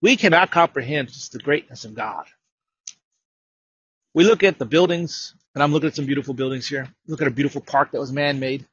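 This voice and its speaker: A male preacher with a bright, forceful voice and a husky edge tells his story, often repeating himself. At times he climbs to loud, emphatic proclamations. His voice sounds close and dry. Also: mid-range voice, a little fast, no room sound. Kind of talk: sermon.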